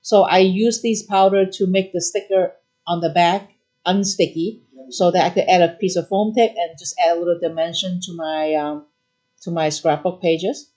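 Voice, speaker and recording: A middle-aged woman hosting a live craft-supply demo, explaining products in quick, chatty bursts with fillers. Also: fairly low pitch, fairly even intonation, a little mellow. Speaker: craft shop host.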